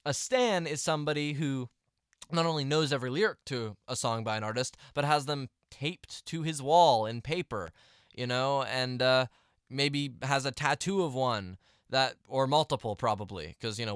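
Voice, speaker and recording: A man's voice: mid-range voice, expressive, moderate pace, a bit bright, clean tone, dry recording, studio quality. A young man ranting to camera in a vlog, exasperated and rambling, with restarts and mumbled asides. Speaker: vlogger.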